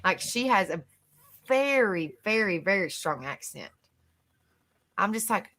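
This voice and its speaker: Bright-voiced woman hosting a chatty live stream. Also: medium pitch, expressive, measured pace, pauses often. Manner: chatty, repeats herself, laughs easily. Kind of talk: casual chat on a live stream.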